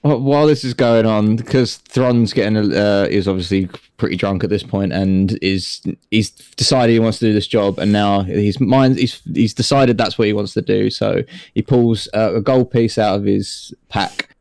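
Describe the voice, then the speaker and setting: A man describing his character's moves in a tabletop game, casual and halting. His voice is fairly low, in a dry, close recording. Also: fairly even intonation, vocal fry, darkish tone, no room sound. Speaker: player.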